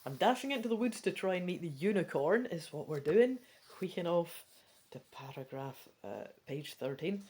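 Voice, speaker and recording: Lively Scottish woman reading aloud. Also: fairly low pitch. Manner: chatty, quick asides between reading. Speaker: gamebook reader. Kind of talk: casual read-through with chatty asides.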